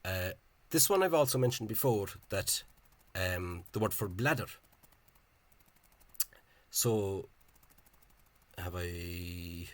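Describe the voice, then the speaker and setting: A man giving an informal spoken lecture over on-screen examples. He talks in a halting, hesitant way and is openly scornful of the official spelling. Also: low-pitched, animated, no echo. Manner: hesitant and halting, with frequent pauses and restarts. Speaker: language enthusiast presenting a video lecture.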